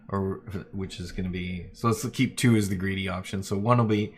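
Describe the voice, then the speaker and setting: A man's voice: deep voice, fairly even intonation, normal speed, few pauses, a little hiss or hum. A man running a tabletop role-playing game on a live stream, narrating loosely with plenty of fillers. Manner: loose, lots of fillers, laughs easily. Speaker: game master.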